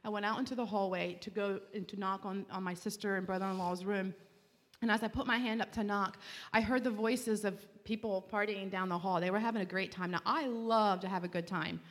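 A woman tells her personal story of faith at an ordinary pitch, earnest and heartfelt, and she often restarts her sentences. Her voice rings with a long reverb, as if it were recorded in a large hall. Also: fairly even intonation, brisk. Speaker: speaker giving a Christian testimony.

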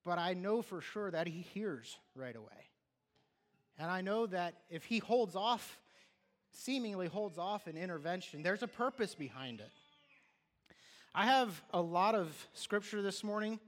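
A man preaching a sermon in a loose, conversational way, often restarting his sentences and acting out what people say. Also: sits high. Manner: conversational, with restarts and acted-out quotes. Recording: long hall reverb.

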